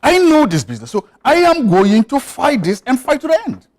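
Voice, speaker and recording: A man's voice: very high voice, wildly swooping pitch, fairly quick, a little mellow. A man, a studio guest on a television talk show who makes his points emphatically and insistently, often repeating them.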